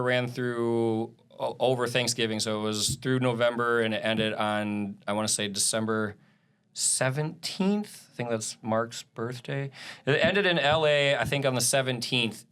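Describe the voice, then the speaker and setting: Bright-voiced man telling road stories. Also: mid-range voice, clear, resonant tone. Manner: animated storytelling with frequent swearing and laughs. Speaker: live audio engineer and drummer. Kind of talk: casual podcast interview.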